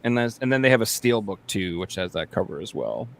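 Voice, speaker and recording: A man's voice: on the low side, lively intonation, a little fast, creaky. A man hosting a podcast in casual chat, rambling and joking with lots of fillers and restarts. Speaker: podcast host.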